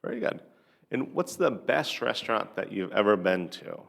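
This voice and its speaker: Low gravelly man asking practice questions. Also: expressive, fairly bright tone. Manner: measured, pausing between questions. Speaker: English teacher.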